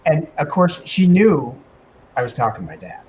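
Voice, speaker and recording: A man guest on a talk radio show, telling an emotional personal story in a casual, animated way with many fillers. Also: a little high, moderate pace, dull audio. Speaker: guest medium and author.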